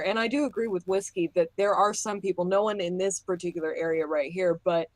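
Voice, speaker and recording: A woman's voice: lowish voice, no room sound, poor audio. A woman co-hosting a casual podcast chat, thoughtful and opinionated. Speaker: podcast co-host.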